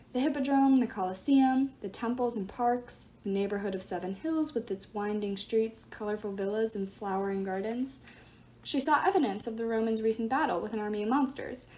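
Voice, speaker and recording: A woman reading a novel aloud with expressive narration. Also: on the high side. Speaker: book reader.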